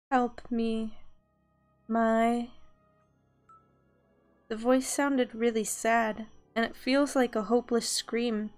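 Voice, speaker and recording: A woman reading a visual novel aloud, narrating and adding chatty asides. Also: fairly high pitch. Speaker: game reader.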